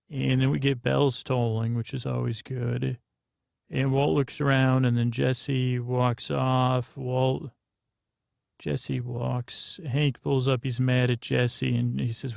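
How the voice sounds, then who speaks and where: Slow gravelly man, drowsy bedtime ramble. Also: medium pitch, little pitch movement, a little mellow, no echo, clean studio sound. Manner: meandering and slow, with many fillers. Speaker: podcast host. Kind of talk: drowsy bedtime podcast monologue.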